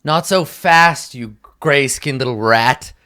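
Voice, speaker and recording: A man voicing a spiteful male court jester who holds a crossbow and talks in a slow, sneering way. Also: medium pitch, bright, forceful tone, clear, resonant tone. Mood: menacing.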